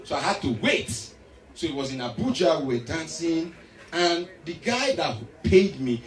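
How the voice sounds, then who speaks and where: A man performing stand-up, his pitch swinging lively through an animated story. The sound is roomy and picked up from a distance, with a large audience around him. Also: normal speed, soft background music. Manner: animated storytelling with acted voices. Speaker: stand-up comedian. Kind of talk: stand-up comedy. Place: live comedy stage. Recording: echoey live hall, mic from afar, crowd.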